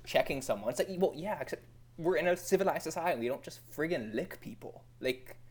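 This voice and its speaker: A man's voice: on the high side, expressive, a little fast. Sarcastic ranting hockey-fan man. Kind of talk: casual sports podcast chat.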